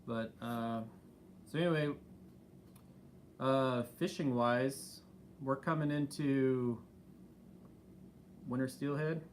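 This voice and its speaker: A man's voice: mid-range voice, fairly even intonation, takes it slowly, long pauses. Easygoing rambling man, faint hum. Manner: rambling, easygoing, many fillers. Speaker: channel co-host. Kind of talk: casual live-stream chat.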